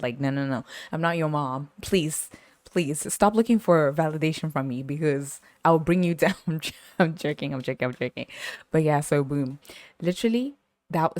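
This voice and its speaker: A sassy woman podcast host with a fairly low voice, telling stories in a lively, animated way and laughing often. The sound is dry and close, with no room echo. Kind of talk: casual storytelling monologue.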